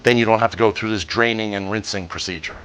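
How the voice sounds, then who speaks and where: A man's voice: fairly low pitch, fast, slight background noise. Easygoing man hosting a cooking show. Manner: relaxed, jokey, cracks puns. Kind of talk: home cooking demonstration.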